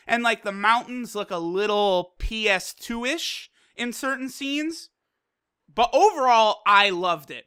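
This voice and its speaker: Hyped, profane anime episode reviewer, loose and casual, with a clear bright tone. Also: medium pitch. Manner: excitable and profane, with loose fillers.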